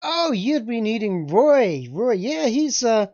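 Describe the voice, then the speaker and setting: A man voicing a friendly townswoman who works in a saloon, with a put-on old-time American accent, chatty and halting. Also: extremely high pitch, very animated, a little mellow, dry recording, dull audio, pitched above the performer's own voice, heavily acted.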